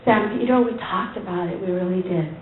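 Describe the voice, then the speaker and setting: A woman, a pastor's wife, tells her church testimony to a women's group as an animated story, acting out the dialogue and laughing often. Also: on the low side, a little fast, slight background noise. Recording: tinny, phone-like recording in an echoey hall.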